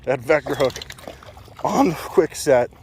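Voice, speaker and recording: A man's voice: medium pitch, measured pace, darkish tone, a little hiss or hum. A man talking casually to his viewers while bank fishing, recorded on a chest-mounted camera, chatty and self-deprecating. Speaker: fishing vlogger. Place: outdoors on a lake bank.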